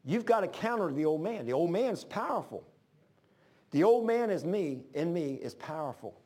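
A man preacher telling a sermon story, emphatic and swinging between loud and hushed. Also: fairly high pitch, very animated, moderate pace.

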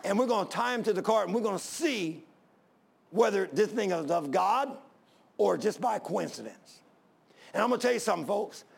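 Gravelly, high-voiced preacher man. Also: expressive, moderate pace. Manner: fervent, rising to emphatic pleas. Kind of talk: sermon with personal story.

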